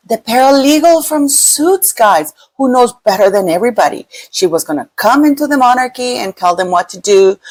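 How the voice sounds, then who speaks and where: A woman giving casual, animated gossip commentary as a YouTube host, sometimes mimicking others in a mocking tone. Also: mid-range voice, low-quality recording. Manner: animated, mocking quoted voices.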